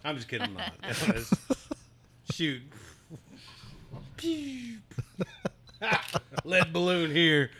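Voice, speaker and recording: A man's voice: on the high side, animated, heavy background noise. Joking man in casual banter. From Osage County, Oklahoma. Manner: joking, laughing, quick banter. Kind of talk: casual chat.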